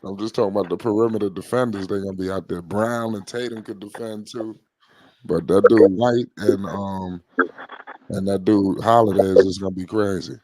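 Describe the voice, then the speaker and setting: A man's voice: fairly low pitch, fairly even intonation, moderate pace, mellow, poor audio. A man hosting a casual sports chat, laid-back and asking the others questions.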